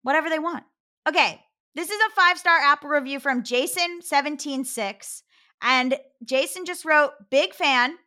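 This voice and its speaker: A woman's voice: sits high, moderate pace, bright, forceful tone. An American woman in her thirties hosting a podcast in casual chat, talking with lots of fillers. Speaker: podcast host.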